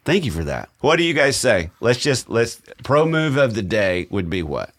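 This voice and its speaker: A man's voice: mid-range voice, big pitch swings, normal speed, fairly bright tone. A man hosting a parenting podcast, wrapping up with enthusiastic, appreciative remarks to his guests. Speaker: podcast host. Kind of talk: casual panel discussion, wrapping up.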